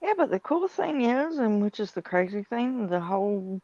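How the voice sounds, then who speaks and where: A woman's voice: mid-range voice, sing-song, moderate pace, darkish tone, no echo, lo-fi sound. A woman co-hosting a casual chat show, rambling in a folksy way with homespun sayings. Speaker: co-host.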